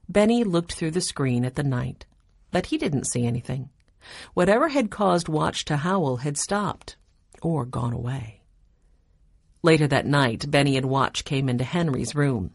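A woman narrating a children's storybook with a low, husky voice. Her reading is expressive, with lively rises and falls in pitch. The sound is dry and close. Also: unhurried, no room sound.

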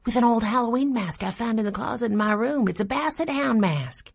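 Woman doing a sneaky playful girl, lively voice, bit husky, storybook. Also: a little high, brisk, pitched above the performer's own voice, full character voice. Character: playful mischievous young girl.

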